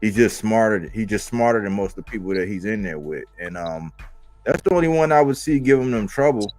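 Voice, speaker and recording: A man's voice: lowish voice, animated, brisk, darkish tone, no room sound. A man hosting a casual boxing chat on a livestream, loose and laid-back, trailing off with fillers. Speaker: host. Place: livestream call. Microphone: video call.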